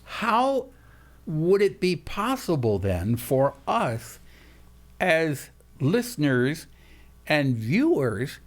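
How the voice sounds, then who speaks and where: A man's voice: on the high side, sing-song, drawn-out words. A man hosting a radio interview, asking questions with eager repeated words and restarts. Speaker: radio show host.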